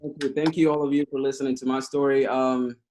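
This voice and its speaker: A Cuban man in his thirties, a native Spanish speaker with a Cuban Spanish accent, appears as a guest speaker in a casual video call. His voice is medium-pitched and darkish, fairly flat in intonation, and he talks quickly. His talk is passionate but rambling, full of restarts.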